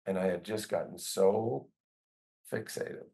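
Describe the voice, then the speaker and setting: A man's voice: low-pitched, brisk, creaky, darkish tone, low-quality recording. A man, a business owner as guest, talking casually with many "you know" fillers. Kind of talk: casual conversation.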